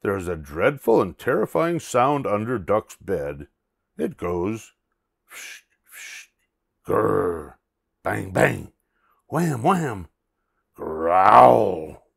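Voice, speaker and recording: A man's voice: fairly low pitch, big pitch swings, slow pace, creaky, breathy edge, heavily acted. A man voicing a worried male wolf in a storybook, urgently acting out scary noises. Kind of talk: storybook reading.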